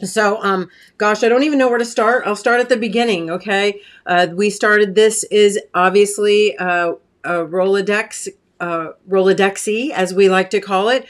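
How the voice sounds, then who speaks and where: Reading comments and chatting warmly on a casual craft stream, a woman from the United States speaks at a medium pitch and normal speed with fairly even intonation. She uses many fillers, has a catch in her throat, and keeps clearing it.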